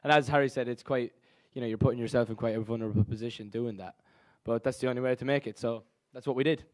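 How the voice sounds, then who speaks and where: A young man answering press questions in a brisk, joking way. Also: medium pitch, fairly even intonation, darkish tone. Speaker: interviewee at a press conference.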